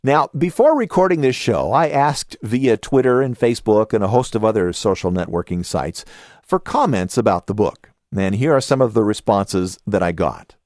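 A podcast host with a Southern California accent casually reviews a book and reads listener comments aloud, adding his own asides. His fairly low, expressive, slightly mellow voice moves at normal speed in a dry, studio-quality recording.

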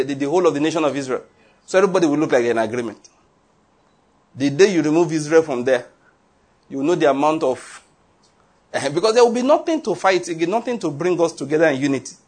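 Husky-voiced pastor preaching. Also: male voice, a little high, fairly quick. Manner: animated storytelling with rhetorical questions. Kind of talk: sermon.

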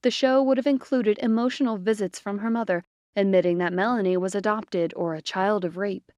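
A woman narrating a short story in a measured, expressive reading. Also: medium pitch, dry recording. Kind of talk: scripted fiction narration.

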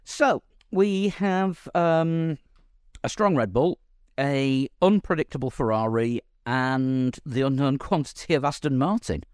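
A man hosting a casual podcast chat, talking in a halting way with many ums and restarts. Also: mid-range voice, clear, resonant tone, no room sound, clean studio sound. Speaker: podcast host.

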